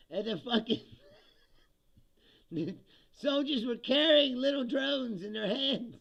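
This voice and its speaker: Very high and a little slow, his creaky voice sounds pushed and bright, and he pauses often. He's a comedian on a casual livestream with dull lo-fi sound, laughing frequently, swearing and joking sarcastically while going through viewer comments.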